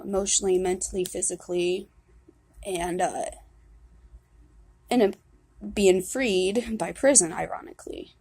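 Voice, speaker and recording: Young woman, husky and gravelly, halting candid confessional delivery, dry close mic. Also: lowish voice, a little mellow, dry recording. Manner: candid, halting, swears often, many restarts. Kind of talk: personal confessional vlog.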